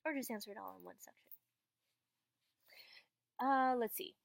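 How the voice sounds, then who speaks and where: A young woman chatting casually to the camera as she answers viewers' questions, acting out quoted lines with sudden high jumps in her voice. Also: normal speed, vocal fry, dry recording. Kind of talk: casual storytelling vlog.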